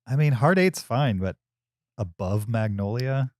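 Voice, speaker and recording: A man's voice: mid-range voice, lively intonation, unhurried, darkish tone. A man in his forties co-hosting a movie podcast, chatting casually with a dry, teasing manner. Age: 40s. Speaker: podcast co-host. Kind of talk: casual chat.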